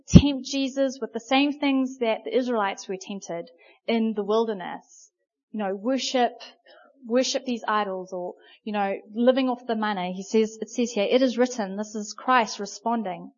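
A woman delivers a sermon as a lively, chatty storyteller, pausing often on little fillers. Her voice sits fairly high. The recording is muffled and lo-fi. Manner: conversational, animated storytelling with many fillers. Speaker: preacher.

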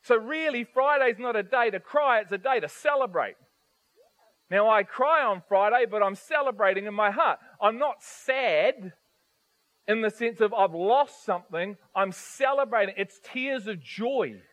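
A man preaching a sermon to his congregation, animated, asking rhetorical questions and swinging from soft to loud. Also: high voice, measured pace, poor audio. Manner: animated, rhetorical questions, varies volume widely.

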